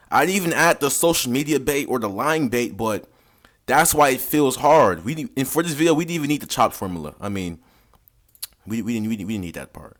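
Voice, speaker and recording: Man, dating coach host, reaction commentary, slangy, lecturing. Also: medium pitch.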